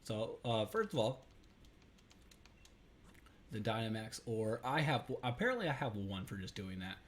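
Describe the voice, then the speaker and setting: A man's voice: on the low side, expressive, a little slow, slight background noise. A man hosting a let's play, giving casual gameplay commentary in a rambling, self-correcting way with lots of fillers.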